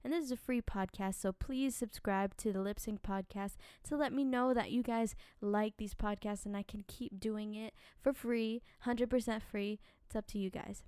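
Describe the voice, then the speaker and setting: A woman hosting a casual podcast, chatty and animated, giving singing advice with a slightly dry voice from little sleep. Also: medium pitch, clean tone, no echo. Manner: animated, chatty, quick asides and filler words. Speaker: podcast host and singing teacher.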